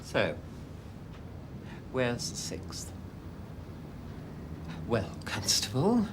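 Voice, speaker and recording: A haughty jeweller who speaks slowly and deliberately, his voice rising and falling sharply as he presses the police for answers. He sounds clipped and indignant. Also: mid-range voice, wildly swooping pitch, vocal fry, noisy background, heavily acted. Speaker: jewellery shop owner. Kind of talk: 1990s TV police drama.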